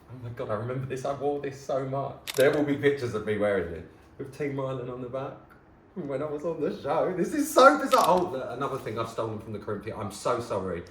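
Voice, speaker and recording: Man, thirties, lowish voice, casual chatty vlog, echoey room. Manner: chatty and gushing, quickly excited and tearful. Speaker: former talent show contestant, presenter. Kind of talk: casual vlog, showing keepsakes to camera. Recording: echoey room, faint hiss.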